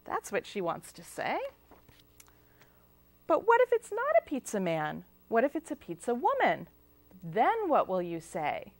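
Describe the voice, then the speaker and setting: A woman leads a library storytime, reading picture books to young children and asking them to guess along. Her voice sits slightly high and bounces up and down, unhurried, in a dry, close recording. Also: dry recording. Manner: animated, sing-song, asks children questions. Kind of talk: storytime read-aloud for children. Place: public library. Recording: local cable TV taping.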